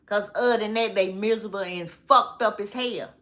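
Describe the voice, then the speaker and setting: A woman vlogger, talking slowly in a rambling monologue, repeating phrases and often breaking into laughter. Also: mid-range voice, fairly bright tone.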